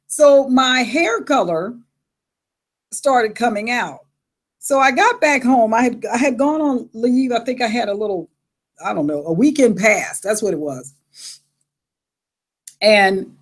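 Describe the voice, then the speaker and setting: A middle-aged woman talks casually to her viewers at an average pitch. She tells stories with lots of animation and laughs often as she acts out her own reactions. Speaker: vlogger reading viewer comments. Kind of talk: casual chat.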